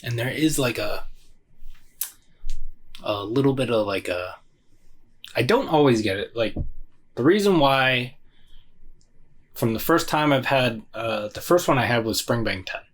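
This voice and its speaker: A man's voice: mid-range voice, lively intonation, unhurried, pauses often. A man hosting a casual solo whisky review, rambling and hesitant with plenty of fillers and self-deprecating asides.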